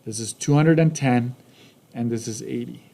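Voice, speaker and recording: A man's voice: medium pitch, normal speed, vocal fry, mellow, a little hiss or hum. A man with a Canadian accent teaching a math lesson casually, often checking in with "right?" and "okay?".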